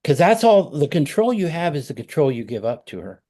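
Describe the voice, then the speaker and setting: A man's voice: on the high side, sing-song, a little fast, dark tone. A middle-aged man coaching a parent over a video call, talking conversationally and acting out example phrases.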